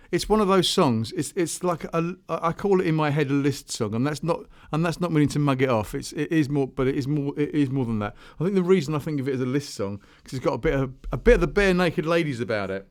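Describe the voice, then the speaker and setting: A man hosting a music podcast on his own, chatting casually between songs in a rambling way, often restarting his sentences. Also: a little high. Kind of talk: casual solo chat between tracks.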